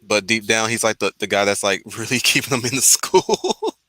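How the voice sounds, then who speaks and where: A man's voice: fairly low pitch, sing-song, moderate pace, bright, forceful tone, no echo, poor audio. A man from Wisconsin chatting casually, rambling through his opinions with many restarts. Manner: rambling, restarts often while musing. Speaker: podcast host. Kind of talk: casual group chat.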